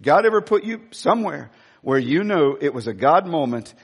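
Preacher, man, boisterous and animated, high husky voice, long hall reverb. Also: normal speed. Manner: animated storytelling, acting out quotes. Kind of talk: sermon.

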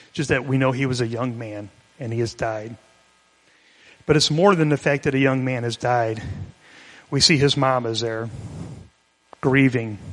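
A pastor giving a conversational, explanatory sermon, retelling a scripture story in plain everyday words. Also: male voice, mid-range voice. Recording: long hall reverb.

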